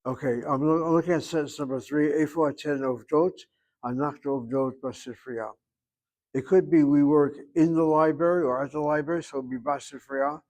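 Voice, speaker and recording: A man's voice: a little high, fairly even intonation, a little fast, a little mellow. An older man teaching a Hebrew class, joking and digressing, then patiently correcting a student's pronunciation. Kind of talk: online class instruction.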